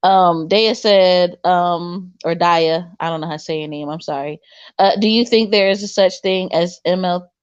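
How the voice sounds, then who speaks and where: A woman co-hosting a casual livestream chat, animated and laughing often, trailing off and restarting her sentences. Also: fairly low pitch, normal speed, clean tone, no room sound. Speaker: co-host. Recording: dull lo-fi sound.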